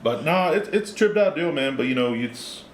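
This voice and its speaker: A man's voice: a little high, lively intonation, moderate pace. A middle-aged man with a Texan accent, co-hosting a podcast in laid-back, profane casual chat. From Texas. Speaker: podcast co-host. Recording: echoey room with faint noise.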